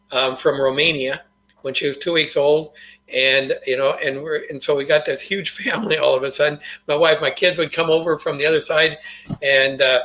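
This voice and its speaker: An older man telling a story in an earnest, folksy way as an interview guest. His voice sits a little high and sounds sharp and bright. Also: low-quality recording. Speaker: guest, motivational author.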